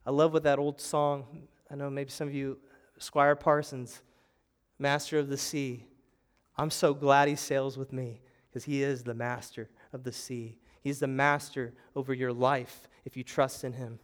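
A man's voice: mid-range voice, flat delivery, measured pace, clear, resonant tone. A young adult man preaching a sermon as pastor, telling the story with animation and acting out panicked voices. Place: church sanctuary.

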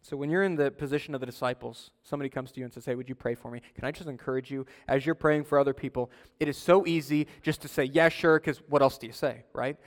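A man's voice: fairly even intonation, fast talker, few pauses. Earnest preacher man in a reverberant hall. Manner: earnest, swinging from loud urging to soft low pleading. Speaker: pastor. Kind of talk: sermon.

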